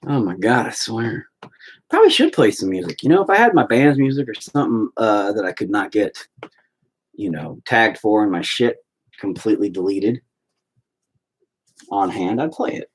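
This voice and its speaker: A man with a husky voice, talking to camera in a casual painting vlog at home. He rants and rambles with plenty of swearing, and his pitch swings widely. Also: big pitch swings, moderate pace, pauses often, poor audio. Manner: profane, ranting, rambling. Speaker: vlogger.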